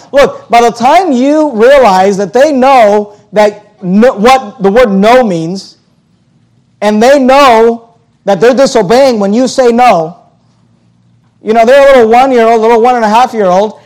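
A man's voice: very high voice, darkish tone. A pastor preaching a sermon in a conversational way, often stumbling and restarting his phrases.

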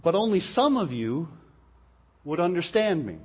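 Husky-voiced man preaching a sermon. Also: sits high, big pitch swings, unhurried, a little mellow. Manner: earnest, explaining with rhetorical questions. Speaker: pastor. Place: church hall. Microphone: pulpit microphone.

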